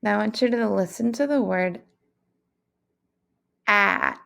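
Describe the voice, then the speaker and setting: A woman's voice: mid-range voice, gravelly, fairly bright tone. A woman teaching a phonics lesson to young children, speaking in a patient, encouraging way. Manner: slow, patient, encouraging classroom delivery.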